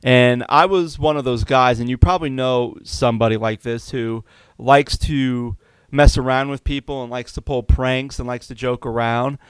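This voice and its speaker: A man's voice: medium pitch, steady tone, moderate pace, clean tone, dry recording. A man hosting a podcast, telling a candid personal story in a confessional, conversational way with many fillers. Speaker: podcast host.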